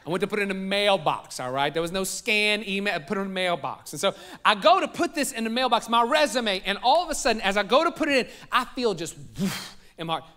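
Southern male pastor, high bright voice, lively storytelling sermon with asides to the congregation. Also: fast talker. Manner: animated, jokes with the congregation. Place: church sanctuary.

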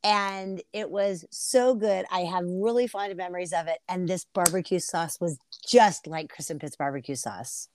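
A middle-aged woman co-hosting a casual podcast chat, rambling and animated as she tells stories. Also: lowish voice, moderate pace, few pauses, dry recording. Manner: chatty, rambling, animated storyteller. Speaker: podcast co-host.

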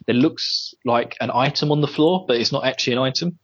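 A man's voice: fairly quick, breathy edge. A man co-hosting a casual podcast chat on a headset, recapping an episode and laughing often. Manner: giggly, acts out quotes in high voices. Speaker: podcast co-host. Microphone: Bluetooth headset. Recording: dull lo-fi headset audio.

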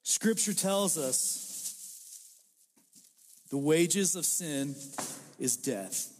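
A man's voice: fairly high pitch, expressive, very slow, darkish tone, a little hiss or hum. A male pastor preaching a sermon in a church, mixing self-deprecating jokes with his message. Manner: self-deprecating, joking storyteller. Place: church sanctuary. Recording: reverberant hall.

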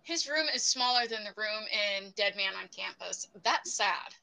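Female co-host, bright tone, mid pitch, casual teasing banter. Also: animated, vocal fry, low-quality recording. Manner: teasing, quick joking asides. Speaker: podcast co-host. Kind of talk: casual movie review chat.

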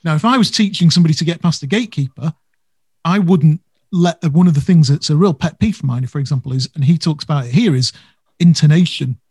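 A man's voice: fairly high pitch, fast, a little mellow, breathy edge, dry recording. A man co-hosting a casual business podcast, talking animatedly and stressing words for effect. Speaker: podcast co-host.

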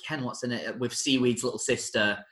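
Guy chatting casually about a musical, bright voice, keeps restarting himself, echoey room. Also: mid-range voice, steady tone, normal speed. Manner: enthusiastic, with many restarts and self-corrections. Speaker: podcast host reviewing a film musical. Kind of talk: casual chat.

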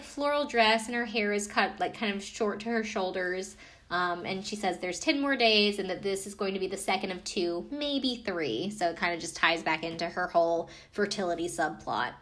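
A woman's voice: medium pitch, a bit bright. Chatty woman recapping a reality show. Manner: chatty, profane, lots of fillers. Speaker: podcast recapper. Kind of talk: casual episode recap.

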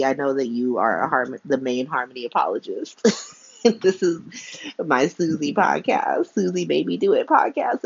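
A low-pitched woman talks through a soap opera episode like she's catching up with a friend, slangy, frank and quick to laugh. The sound is dry and a bit dull, like a modest home setup. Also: gravelly, slightly rough, no echo. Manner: chatty and slangy, laughs often, frank opinions. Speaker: podcast host. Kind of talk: casual soap opera recap.

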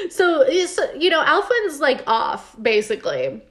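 A woman's voice: high-pitched, fairly bright tone. Chatty sarcastic woman recapping a show. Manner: chatty, sarcastic, reads out her own notes. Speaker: podcast co-host recapping a TV episode. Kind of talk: casual chat.

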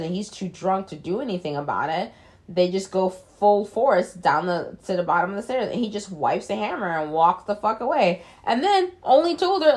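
Woman, casual film recap, chatty and loose, blunt, slightly low voice. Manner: chatty, loose, lots of "like" fillers, blunt swearing. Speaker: film reviewer.

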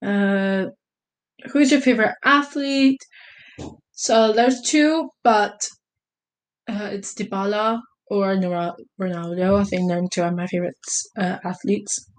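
Unhurried and medium-pitched, a young vlogger from Italy works through casual questions. She hesitates and rambles, filling gaps and correcting herself often.

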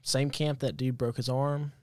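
A man co-hosting a podcast in casual chat, adding quick teasing interjections. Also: mid-range voice, flat delivery, a little mellow. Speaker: podcast co-host.

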